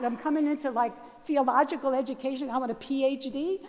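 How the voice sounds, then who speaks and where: High-voiced older nun in a reverberant hall. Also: female voice, fast, hardly any pauses, slight background noise. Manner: lively, laughing, acts out sounds and dialogue. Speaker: Catholic nun telling her life story. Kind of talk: animated personal storytelling.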